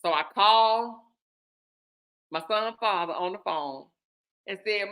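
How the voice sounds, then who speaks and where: A woman hosting her own show, telling a personal story in an animated way and speaking straight to her listeners. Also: mid-range voice, takes it slowly, smooth. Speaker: host.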